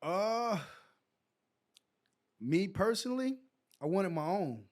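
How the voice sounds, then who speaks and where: A man in his forties from New York, a guest on a podcast, telling animated stories full of "like" and "so". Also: high-pitched, slow. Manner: lively anecdotes packed with "like" and "so". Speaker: guest, former pro basketball player. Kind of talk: animated storytelling in a podcast chat.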